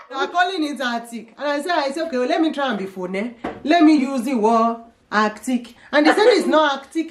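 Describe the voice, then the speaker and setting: A woman's voice: high voice, animated, fairly quick, a little hiss or hum. Laughing Nigerian mother, joking. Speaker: vlogger's mother. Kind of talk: casual vlog chat. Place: home, indoors.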